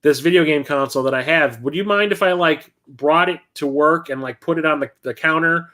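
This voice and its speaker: Middle-aged man, livestream host, slightly high voice, casual rambling storytelling. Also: fairly quick. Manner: rambling anecdotes with animated quoted voices.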